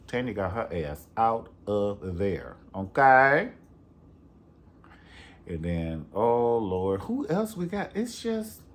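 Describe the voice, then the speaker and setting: Brief: low-voiced man, sassy and profane, swooping between pitches as he dishes gossip. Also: slight background noise. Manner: sassy, gossipy, profane, says "honey" a lot. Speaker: reality TV reviewer. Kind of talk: casual chat.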